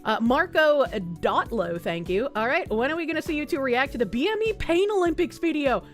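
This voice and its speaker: A woman's voice: high-pitched, sing-song, brisk, faint music behind. A woman with a Boston accent, chatting casually and profanely on a livestream as she thanks viewers, often laughing. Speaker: livestreamer reading chat. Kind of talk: casual stream chat.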